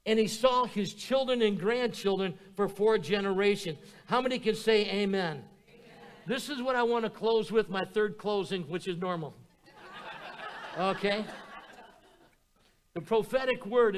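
A high-pitched man preaching from a church pulpit. He reads a prophetic word in a measured voice and drives it home in declaring runs. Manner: declaring, rising to shouts in runs. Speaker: pastor.

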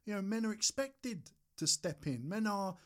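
A man's voice: high voice, lively intonation, moderate pace. A man co-hosting a podcast, talking bluntly and emphatically in casual chat, swearing often. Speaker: podcast co-host.

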